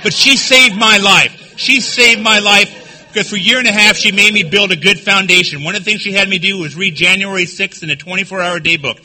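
A man giving a recovery-meeting talk, telling his own story candidly with dark humor. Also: sits high, brisk. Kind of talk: personal testimony speech.

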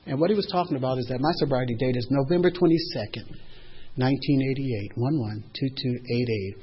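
A man's voice: mid-range voice, brisk, slightly rough. An older man speaking at a recovery meeting, giving heartfelt personal testimony with earnest, emotional storytelling. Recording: dull lo-fi recording.

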